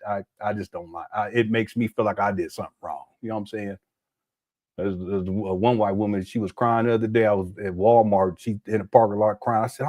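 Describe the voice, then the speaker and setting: A man's voice: mid-range voice, darkish tone. A man hosting a casual reaction commentary, joking and laughing as he fires off incredulous rhetorical questions. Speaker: commentary host.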